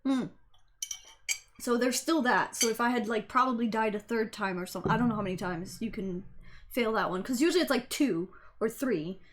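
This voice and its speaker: A woman with a high, light voice commentates her own gameplay on a live stream. She talks casually and excitably, swearing freely as she reacts and explains what is happening. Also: brisk, slight background noise. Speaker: game streamer.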